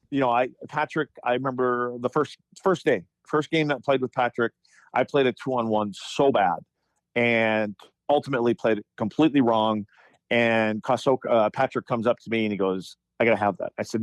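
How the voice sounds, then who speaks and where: A man in his fifties, a former hockey player, telling animated stories on a podcast with lots of restarts. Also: medium pitch, normal speed, no room sound. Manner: animated anecdotes, frequent restarts and profanity in quotes. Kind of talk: casual storytelling chat.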